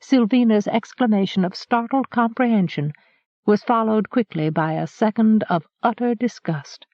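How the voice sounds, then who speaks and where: A woman narrating an audiobook in a calm, even storytelling manner, on a dull lo-fi recording. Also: fairly high pitch, normal speed, no room sound. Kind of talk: scripted narration.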